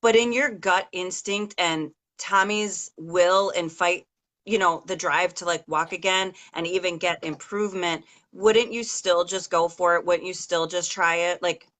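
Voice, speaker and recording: Middle-aged woman, lower register, chatty and emotional, loose and full of fillers. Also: fairly even intonation, measured pace, a bit bright. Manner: rambling, emotional storytelling with many fillers. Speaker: interviewer, mother of an injured daughter. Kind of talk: casual video-call interview.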